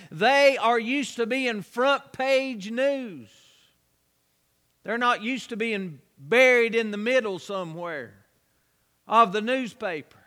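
A man's voice: very high voice, pushed and bright, long reverb tail. A man preaching a sermon, building his points through repetition and rhetorical questions.

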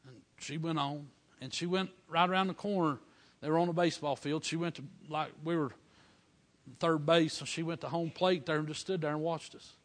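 In a fairly high, steady voice, a middle-aged preacher gives a folksy sermon built on stories. He drags out words for emphasis and erupts in fervent, loud shouts of praise.

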